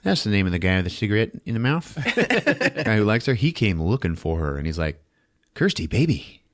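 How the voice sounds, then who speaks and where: A man recaps a movie for comic effect on a podcast, his pitch leaping about wildly. He swears freely and breaks into laughter between lines. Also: a little fast. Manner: animated, swearing, laughing often. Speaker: podcast host.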